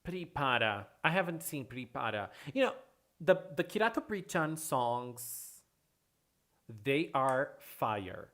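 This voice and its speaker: A streamer hosting a casual livestream, chatting with viewers and answering chat in an excitable way, often repeating phrases. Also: medium pitch, measured pace. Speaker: livestream host reading chat.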